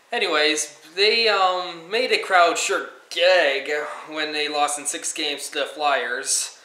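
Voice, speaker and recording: A teenage boy talks hockey in a bright, slightly high voice and keeps slipping into silly gross-out gags. The sound bounces around a bare, echoey room. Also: slow pace, few pauses. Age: teens. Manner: silly, goofy bathroom humor. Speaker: co-host. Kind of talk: jokey hockey preview chat.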